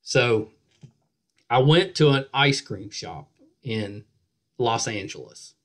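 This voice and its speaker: A man's voice: medium pitch, lively intonation, takes it slowly, fairly bright tone. Guy hosting a podcast, chatty, voice swings up and down a lot. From West Virginia. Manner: chatty, laughs often, repeats words. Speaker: podcast host. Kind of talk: casual interview chat.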